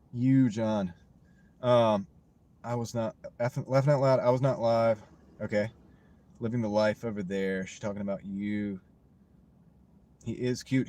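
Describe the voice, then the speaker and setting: A mellow, mid-range male voice belongs to an American gig-delivery driver talking to his livestream chat from his parked car. He rambles and jokes casually while going through comments, recorded on a small wireless clip-on mic.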